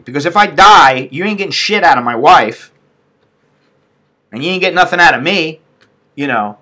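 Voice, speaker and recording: A man's voice: on the high side, lively intonation, moderate pace, pushed and bright. A middle-aged man from the United States on a casual live stream, blunt, profane and venting. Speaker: expat vlogger.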